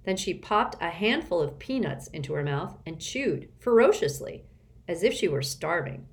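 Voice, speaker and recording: A woman's voice: fairly low pitch, normal speed. A woman reading a children's novel aloud as an audiobook narrator. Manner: expressive storytelling.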